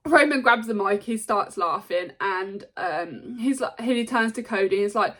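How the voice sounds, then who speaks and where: A woman in her thirties, a show host, giving a chatty, excitable wrestling recap. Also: medium pitch, moderate pace, hardly any pauses. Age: 30s. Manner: chatty, excitable, laughs often.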